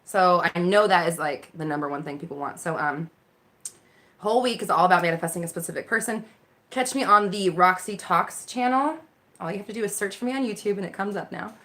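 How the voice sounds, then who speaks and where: A woman's voice: lowish voice, fairly quick, bright, forceful tone. A woman hosting a live Q&A as a mindset coach, chatting casually into her phone, reacting to viewer comments with frequent laughter and casual swearing. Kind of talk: casual live-stream chat.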